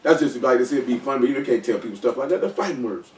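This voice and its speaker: A man leading a casual Bible study, teaching scripture with slangy, animated, joking asides, recorded at a distance in an echoey room. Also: medium pitch, rapid-fire.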